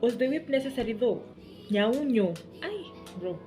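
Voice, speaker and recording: A young woman with a Kenyan accent telling a high school story in a playful, animated way. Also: normal speed. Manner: animated, playful, switches into Swahili. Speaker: vlogger. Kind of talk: story time. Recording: echoey room with music behind.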